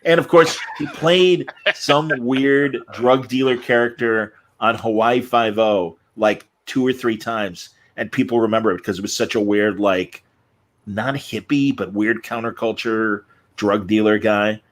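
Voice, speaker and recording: A man's voice: on the low side, fairly even intonation, unhurried. A man co-hosting a casual podcast, telling rambling stories and joking with friends. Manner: rambling storyteller, puts on silly voices. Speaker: podcast co-host. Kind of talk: casual chat.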